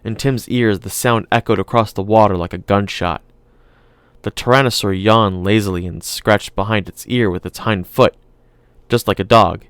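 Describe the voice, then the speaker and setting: Low, smooth male voice reading an audiobook, calm and measured, dry close sound. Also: no echo. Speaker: audiobook narrator. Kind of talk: scripted narration.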